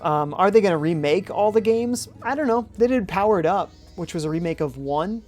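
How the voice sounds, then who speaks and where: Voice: medium pitch, animated, normal speed, darkish tone, soft background music. A game streamer giving live commentary, reading viewers' chat aloud and musing and humming while deciding things. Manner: chatty, muses aloud, hums while thinking.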